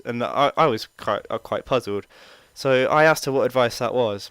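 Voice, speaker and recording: A man's voice: medium pitch, normal speed, hardly any pauses, fairly bright tone, clean tone, dry recording. A young man telling a rambling, casual story full of fillers and swearing. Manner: rambling, chatty, swears freely, many fillers. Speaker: vlogger.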